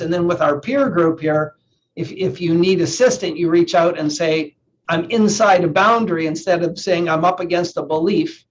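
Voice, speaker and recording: Male NLP coach, fairly high voice, earnest and searching, slightly dull video-call sound with faint hiss. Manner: earnest, repeats words while thinking. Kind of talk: live online coaching session talk.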